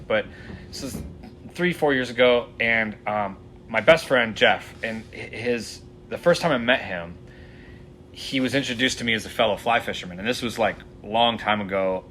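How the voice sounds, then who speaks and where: A man's voice: on the low side, pushed and bright, a little hiss or hum. A man who guides fly fishing, telling stories casually in a podcast interview, rambling with many fillers.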